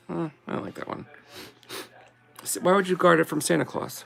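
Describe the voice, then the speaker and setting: A woman in a casual video, reading short holiday poems aloud slowly and sing-song, with chatty asides between them. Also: fairly low pitch, fairly even intonation, gravelly. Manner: giggly, reads verses slowly and sing-song. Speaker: vlogger.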